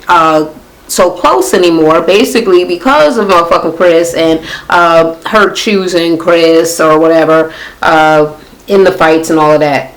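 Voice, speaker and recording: A woman's voice: mid-range voice, a bit bright, rough recording. A woman hosting a casual reality TV recap, talking bluntly and profanely as she retells scenes in quoted voices.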